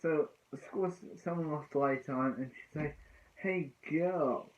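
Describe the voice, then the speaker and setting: A man's voice: fairly high pitch, measured pace. A man casually recapping a TV episode in a rambling way, restarting often and filling gaps with "so yeah" and "so anyway.". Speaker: TV episode reviewer. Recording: tinny phone-like lo-fi sound.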